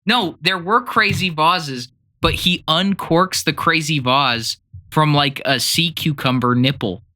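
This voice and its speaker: A man co-hosting a casual film podcast, animated and teasing, swearing freely. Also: a little high, slow. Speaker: podcast co-host.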